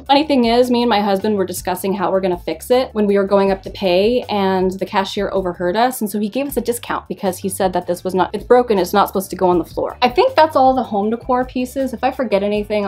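A young woman from the West Coast talks through her thrift finds in a bubbly, rambling way, tossing in playful jokes. Her voice sits in an ordinary middle pitch for a woman. Soft music plays faintly behind her. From West Coast of the United States. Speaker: thrift haul vlogger and online seller. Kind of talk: casual chatty haul video.

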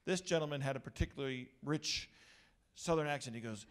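A middle-aged male pastor giving an energetic, joking talk to a youth gathering. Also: mid-range voice, fairly quick.

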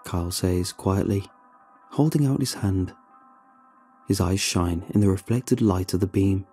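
A man reading a horror story aloud in a measured, dramatic narration style, with faint music behind him. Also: sits low, warm tone, breathy edge.

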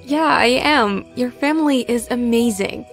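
A gentle young fiancée speaks softly in a raised, light voice, as a woman voices her for an animated story. Music plays softly behind her. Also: a little high, measured pace.

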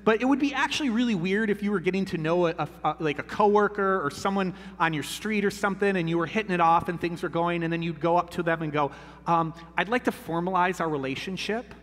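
A man's voice: high-pitched, fast, few pauses, big-room sound. A man in his thirties preaching a sermon in a church, talking casually and asking "right?" often. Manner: conversational, repeats "right?" often. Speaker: pastor. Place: church sanctuary.

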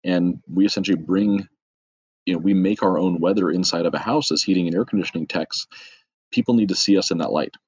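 A middle-aged man with a low, husky voice tells stories as a podcast guest, easy and self-mocking, tossing in quick asides. The sound is dry and close with no room echo. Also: darkish tone. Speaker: guest, trades business owner. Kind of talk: casual storytelling.

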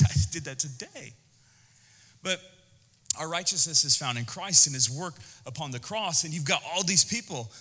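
A man preaching a sermon as pastor, animated and conversational, with jokes. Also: on the high side, big-room sound. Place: church auditorium.

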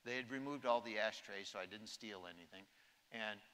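In an echoey, large conference hall, a man in his sixties delivers an anecdotal keynote full of humorous stories and acted-out quotes. His voice is on the low side, fairly quick, and a bit bright.

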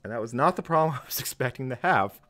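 A man's voice: mid-range voice, lively intonation, quick pace, fairly bright tone, faint music behind. A man hosting a live tech stream, rambling through commentary with many fillers and self-deprecating chuckles.

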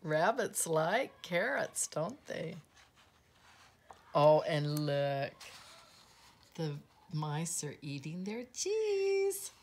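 Teacher, female, bedtime storybook reader; very slow, lively melodic delivery, gentle. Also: low voice. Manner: gentle, expressive, commenting on pictures. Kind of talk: bedtime storybook read-aloud.

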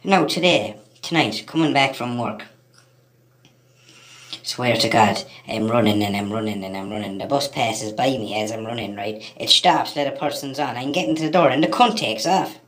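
A man's voice: mid-range voice, normal speed, a bit bright. An Irish man from Ireland ranting to camera as a vlogger, heated and profane, repeating himself and calling his listeners lads.

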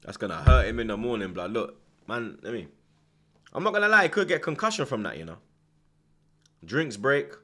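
A man hosting a live football watchalong, reacting loudly to the match with slang and swearing, shouting instructions at the players. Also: medium pitch, normal speed, pauses often. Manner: excitable, shouts at the screen, heavy slang and swearing.

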